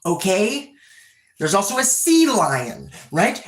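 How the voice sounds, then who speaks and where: Young guy live streaming, bouncy lively voice but slow drawn-out talk, reads chat out. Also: on the high side. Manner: animated, reads chat aloud and acts out animal motions.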